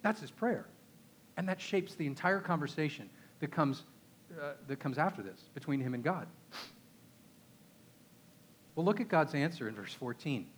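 A man's voice: a little high, animated, normal speed, pauses often, slight background noise. A man with a Texan accent preaching a conversational sermon, emphatic and often asking his listeners rhetorical questions. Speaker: pastor.

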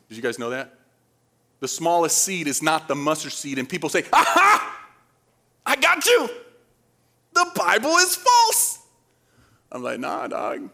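A man from the Dominican Republic speaks at medium pitch with a slightly bright voice as he preaches. The sermon is casual and conversational, and he frequently questions the congregation.

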